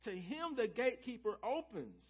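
A man's voice: very high voice, very animated, moderate pace, breathy edge, muffled recording. A male pastor preaching a sermon to his church, calling out to the congregation and repeating key phrases for emphasis. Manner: preaching with call-and-response and repetition. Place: church sanctuary.

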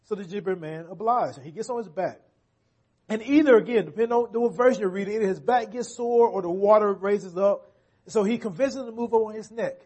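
A man preaching a sermon in a church, in a relaxed conversational manner, often checking in with the congregation. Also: high-pitched, fairly quick, husky. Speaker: pastor.

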